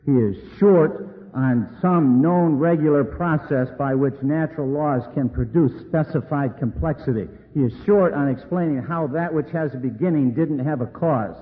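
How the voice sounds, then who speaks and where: A man making a formal debate argument in measured, emphatic lists. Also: a little high. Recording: tinny lo-fi audio in a reverberant hall.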